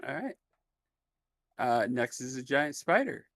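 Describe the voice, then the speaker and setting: A man's voice: mid-range voice, big pitch swings, takes it slowly, a bit bright. A man running a tabletop game as game master, describing the scene in a laid-back, easygoing way with plenty of fillers.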